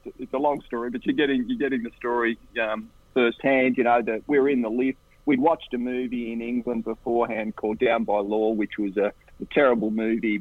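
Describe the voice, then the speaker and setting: An Australian man, an interview guest, tells casual anecdotes in an animated way. He lifts his voice into higher impressions of the people in his stories. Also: dry recording. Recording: tinny phone line, dry and husky.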